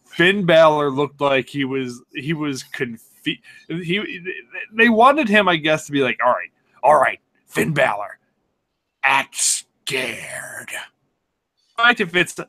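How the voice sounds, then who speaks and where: A man co-hosting a casual sports podcast, excitable and sarcastic, swearing and laughing as he talks. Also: fairly high pitch, unhurried. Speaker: podcast co-host.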